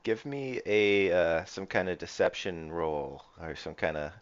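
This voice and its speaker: A man running a tabletop game as game master, talking haltingly with many fillers. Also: sits low, expressive, highs cut off.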